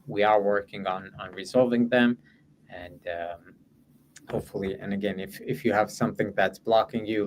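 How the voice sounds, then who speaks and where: A man with a fairly low voice answers an audience question in an online session. He hesitates, restarts and fills gaps with "um". A faint hum sits under the recording. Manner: hesitant, many fillers and restarts. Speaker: guest presenter.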